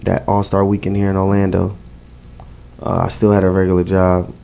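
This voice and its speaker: A man's voice: deep voice, completely flat delivery, brisk, vocal fry, warm tone. A man with a New Jersey accent talking casually in a podcast interview, emphatic and slangy, repeating phrases. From Newark, New Jersey. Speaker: event host and guest.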